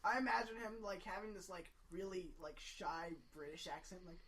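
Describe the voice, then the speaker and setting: A woman's voice: lowish voice, normal speed, fairly bright tone. A woman chatting casually and teasing her friends. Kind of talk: casual comedy chat.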